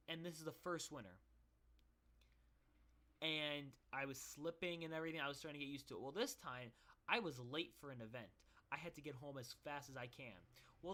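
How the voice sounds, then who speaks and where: Bright-voiced young man telling a story. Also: a little high. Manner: rambling, swearing, many restarts. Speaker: vlogger. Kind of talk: casual storytelling.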